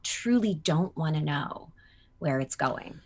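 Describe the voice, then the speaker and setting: A woman voice actor chatting in an interview, animated and full of fillers and quoted asides. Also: sits low, takes it slowly. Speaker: voice actor guest. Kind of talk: casual interview chat.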